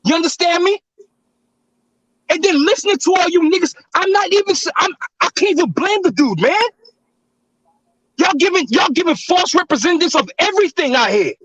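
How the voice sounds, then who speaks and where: A man's voice: extremely high pitch, lively intonation, a little fast, fairly bright tone, no echo, highs cut off. A man on a discussion panel, ranting heatedly and with a lot of profanity.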